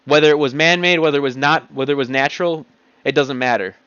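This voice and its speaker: A man's voice: a little high, quick pace, a bit bright, smooth, dry recording. Agitated man ranting, lo-fi dry recording. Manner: blunt, agitated, heavy swearing. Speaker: vlogger. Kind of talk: ranting monologue. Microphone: home computer mic.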